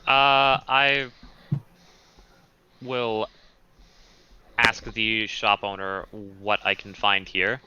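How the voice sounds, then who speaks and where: A man's voice: lowish voice, little pitch movement, extremely slow, pauses often, bright, forceful tone, highs cut off, a little hiss or hum. A man playing in a tabletop game, speaking casually and a little hesitantly. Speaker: player.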